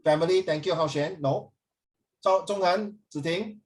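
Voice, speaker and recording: Animated Singaporean male teacher. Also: a little high, moderate pace. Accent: Singaporean English. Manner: animated, mixes English and Mandarin, coaxing and emotional. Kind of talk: classroom teaching. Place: classroom.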